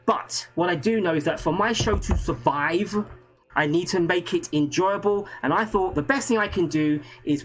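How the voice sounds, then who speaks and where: A man hosting a live stream, talking in an energetic, chatty way and greeting viewers. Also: sits high, poor audio. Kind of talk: casual live stream talk.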